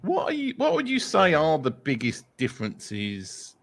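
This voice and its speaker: Gravelly man, lively pitch. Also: normal speed, a crowd in the background. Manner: hesitant, full of fillers. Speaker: co-host. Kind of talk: casual interview chat.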